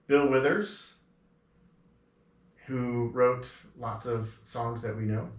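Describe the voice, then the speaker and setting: A man's voice: mid-range voice, steady tone, takes it slowly, far from the mic. A man with a middling voice, co-hosting a local radio show and trading jokes with his partner. He talks in a laid-back, chuckling way. He sits a little back from the mic, and the studio sounds roomy. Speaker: radio co-host. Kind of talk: casual radio banter.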